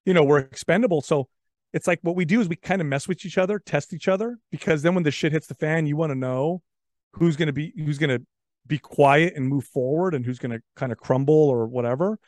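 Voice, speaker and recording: A man's voice: fairly high pitch, a little fast, a little mellow, dry recording, studio quality. A man in casual podcast conversation, telling stories animatedly and often repeating words as he talks. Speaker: podcast guest. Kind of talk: casual chat.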